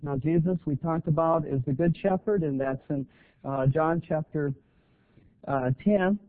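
An older man preaching an earnest, plain-spoken sermon to a congregation, with halting restarts. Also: fairly high pitch. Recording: tinny phone-like audio.

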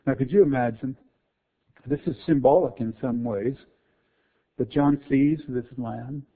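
Prédicateur fervent, son de téléphone. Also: male voice, mid-range voice, measured pace. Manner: emphatic, swings between hushed and fervent. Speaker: preacher. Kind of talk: expository sermon. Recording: tinny phone-like sound.

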